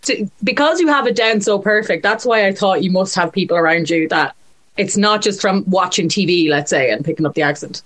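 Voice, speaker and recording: A woman's voice: medium pitch, brisk, fairly bright tone. A woman interviewing a guest in a casual, chatty way. She teases him and laughs often.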